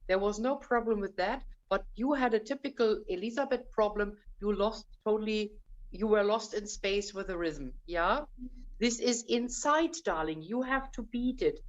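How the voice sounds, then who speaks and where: A woman's voice: medium pitch, normal speed, dull audio. A woman coaching an opera singer in a masterclass. She is direct and insistent, and she calls the singer darling. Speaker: vocal coach.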